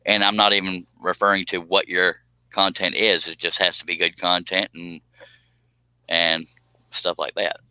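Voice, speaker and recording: A man's voice: sits low, flat delivery, normal speed, pushed and bright, smooth, no room sound, low-quality recording. A man hosting a woodworking live stream, rambling and joking as he reads viewer comments. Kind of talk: casual live stream chat. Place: home woodworking shop.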